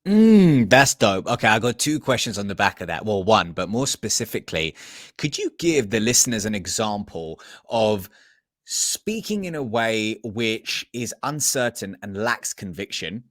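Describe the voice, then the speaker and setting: A man hosting a podcast interview, asking questions and building scenarios in an animated, emphatic way. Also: lowish voice, unhurried, no echo, clean studio sound. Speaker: podcast host.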